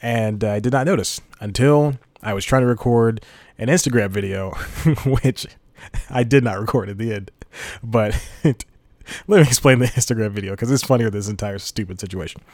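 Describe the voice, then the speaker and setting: Man, podcast host, low voice, rambling, laughs at own jokes, dry sound. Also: normal speed, darkish tone, dry recording. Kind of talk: casual solo podcast chat.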